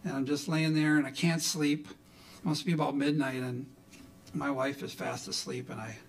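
A man's voice: medium pitch, level tone, moderate pace, creaky. A middle-aged man from Milwaukee, a folk musician telling a rambling, folksy story on stage between songs, with lots of "you know". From Milwaukee, Wisconsin.

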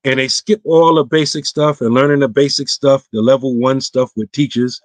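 A man's voice: medium pitch, fairly even intonation, moderate pace, no echo. A man, an imam, answering viewer questions on an online roundtable in a casual, emphatic way, his voice climbing when he stresses a point. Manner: casual, clipped everyday grammar.

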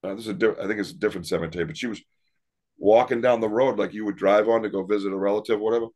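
Rambling man telling ghost stories, low voice. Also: racing. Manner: rambling, animated, laughs often. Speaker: paranormal investigator and podcast guest. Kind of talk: casual interview storytelling.

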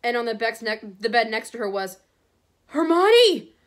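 A woman teacher reading a novel aloud to her class at a steady pace, now and then stumbling and correcting herself. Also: a little high, fast.

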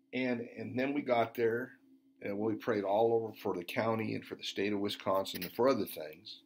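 A man's voice: on the low side, fairly even intonation, moderate pace, vocal fry. A man preaching and telling of a vision, with emphatic, fervent exhortation. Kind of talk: sermon testimony.

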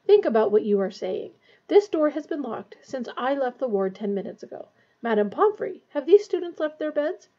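Serene elderly headmaster, unhurried, read by a woman. Husky, lo-fi. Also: high voice, voice pushed up. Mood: quiet. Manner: quiet, calm. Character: calm wise old male headmaster.

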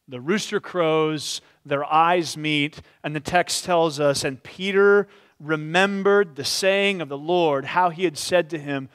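Male pastor with a high voice, preaching in a storytelling way and sinking quiet and slow at solemn beats. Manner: expressive storytelling, drops to quiet slow tones at solemn moments. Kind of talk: sermon. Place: church.

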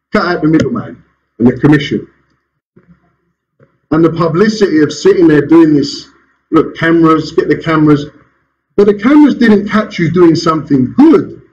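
A male pastor preaching with a fairly high voice that swoops and leaps through each phrase. He drives his points home with rhetorical questions and a quick chuckle. The recording is a bit dull and muffled, with a faint hum of the room behind him. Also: darkish tone. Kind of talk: sermon. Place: church hall.

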